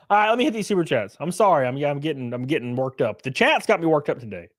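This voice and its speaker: A young man hosting a casual livestream, ranting with heavy swearing. His voice sits high and leaps around in pitch, dropping to mumbled asides between loud bursts. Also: big pitch swings, quick pace. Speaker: streamer.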